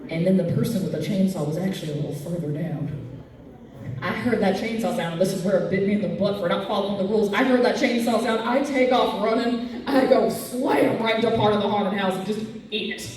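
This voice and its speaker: Animated woman telling stories on stage. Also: medium pitch, brisk, distant mic. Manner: animated, acts out her own reactions in silly voices. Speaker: comedy panel host. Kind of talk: live stand-up storytelling at a convention panel. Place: convention panel room with audience. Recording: echoey room recorded from afar, audience noise. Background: audience chatter and laughter.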